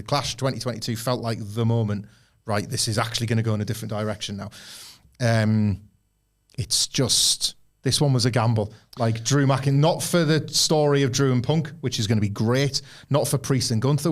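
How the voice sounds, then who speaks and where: A man's voice: medium pitch, fairly even intonation, a little fast. Chatty man, podcast co-host. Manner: chatty, acts out quoted lines with many fillers. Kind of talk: casual chat.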